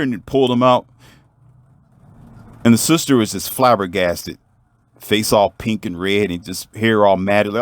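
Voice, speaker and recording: A man's voice: on the low side, fairly even intonation, normal speed, long pauses, no echo. A man telling a story in a motivational monologue, emphatic and preachy, and talking straight to the viewer. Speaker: vlogger.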